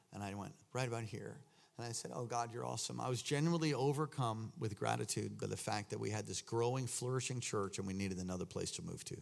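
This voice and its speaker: A man preaching a sermon as pastor, telling a story that swings from hushed tones to loud shouting. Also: mid-range voice, gravelly.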